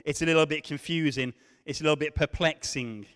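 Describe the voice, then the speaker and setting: A man preaching to a congregation, his voice sitting a little high for a man. He swings from loud, rising questions down to near-whispers. The sound rings with the long reverb of a large hall. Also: brisk, smooth. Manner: dramatic, swinging from loud questions to hushed tones. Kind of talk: sermon.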